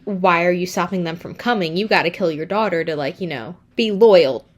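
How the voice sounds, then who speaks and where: A woman's voice: on the low side, fairly quick, natural voice. A woman voicing a pushy man who scolds his brother in casual slang.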